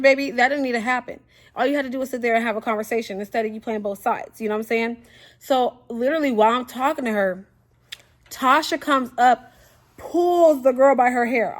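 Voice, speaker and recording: A young woman telling a casual storytime, animated and full of fillers, acting out what people said. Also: a little high, fast talker. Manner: animated, acts out quotes, frequent fillers.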